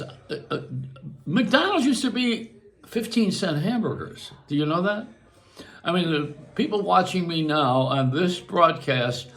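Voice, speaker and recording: A man's voice: high-pitched, fairly bright tone. An older man hosting a show, rambling through a casual monologue, joking and laughing at himself. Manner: chatty, self-mocking, laughs at his own jokes. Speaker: radio and broadcast host.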